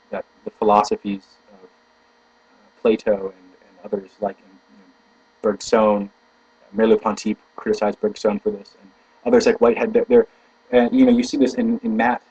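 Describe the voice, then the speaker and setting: Guy thinking out loud, halting and searching for words, dry close sound, muffled lo-fi with a hum. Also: lowish voice, slightly rough, dry recording. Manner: slow, deliberate emphasis when reading passages. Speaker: video blogger reading philosophy aloud. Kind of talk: reading aloud then thinking out loud. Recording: dull, lo-fi home recording with mains hum.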